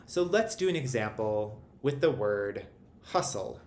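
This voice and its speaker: A man teaching a recorded phonics lesson, explaining syllable accents in a clear, methodical way. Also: lowish voice, expressive, unhurried, a little mellow. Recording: roomy echo, faint background hum.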